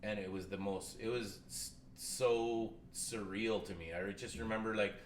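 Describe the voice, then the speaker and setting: A man, a rapper as guest, telling a story in a casual chat, animated and swearing freely. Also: fairly low pitch, normal speed. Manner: animated, swears freely, acts out quoted phone calls. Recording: roomy with faint background noise.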